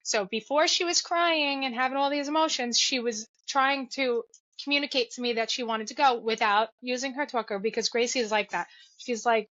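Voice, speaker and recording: A mother speaks in a bright, forceful voice, earnest and reflective as she tells her story. The sound is dry and a little muffled, with no room around it. She talks in a casual interview tone. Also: fairly high pitch, normal speed, no echo. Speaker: podcast guest, mother.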